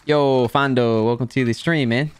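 A man's voice: medium pitch, steady tone, normal speed, smooth. A man streaming a shooter game, giving casual commentary and joking with his chat. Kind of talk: live gameplay commentary.

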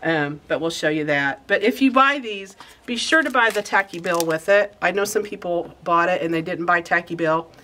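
A middle-aged woman chats through new stock at her shop, bubbly and easily sidetracked. She rambles warmly from one item to the next. Faint shop noise hums behind her. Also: lowish voice, normal speed. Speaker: quilt shop host. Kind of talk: casual chatty product show-and-tell.

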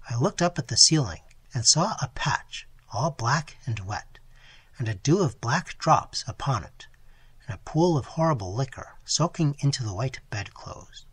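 A man reading a gothic novel aloud in a dramatic, expressive style, his voice strained from long sessions. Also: mid-range voice, husky, no echo. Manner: dramatic, animated storytelling. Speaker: audiobook narrator.

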